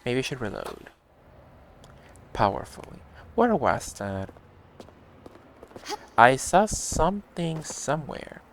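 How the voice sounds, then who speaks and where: A man's voice: mid-range voice, sing-song, slow pace, creaky, pauses often, slight background noise. A man streaming a video game, chatting casually with his viewers and reading out their messages as he plays. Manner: chatty, reads chat messages aloud and answers viewers. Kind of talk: casual live-stream chat while playing.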